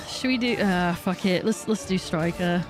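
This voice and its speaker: A woman's voice: on the low side, slow. A young woman streaming a video game, chatting casually with viewers, swearing and laughing as she plays. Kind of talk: casual live-stream chat while gaming. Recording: music playing behind.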